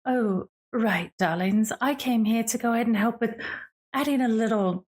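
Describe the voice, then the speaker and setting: Picture a glamorous lady with a honeyed, sweetly menacing way of talking, who calls everyone darling, as a woman puts her on. Her voice sits a little higher than everyday speech. She lays on the charm in a tabletop game. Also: moderate pace, lightly acted.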